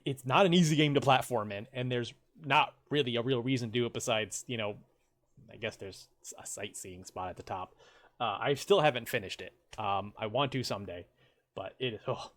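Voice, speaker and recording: A man's voice: mid-range voice, a bit bright. A man hosting a game stream, joking crudely and rambling between laughs in casual commentary.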